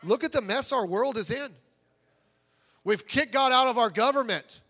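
A man preaching a sermon as pastor, swinging from soft low asides to raised, pleading urgency. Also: animated, moderate pace. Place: church sanctuary. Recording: church hall reverb.

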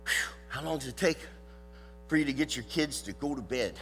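An older man with a Southern US drawl preaches in a folksy, loud, animated way. His voice is bright and forceful. It rings through a hall with a long echo, and faint music sits underneath. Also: medium pitch, brisk. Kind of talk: sermon with a live dog demonstration.

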